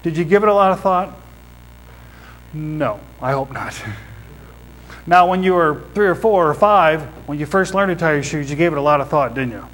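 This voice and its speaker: A man with a notably high-pitched voice preaches to a congregation in church. He teaches point by point and often turns to his listeners with questions. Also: normal speed, pauses often, fairly bright tone, low-quality recording. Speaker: pastor. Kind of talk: sermon.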